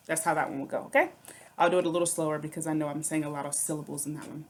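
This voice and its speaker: A woman's voice: sits low, very fast. A woman teaching a music lesson, patiently explaining rhythms, counting aloud and chanting rhythm syllables. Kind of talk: recorded online music lesson.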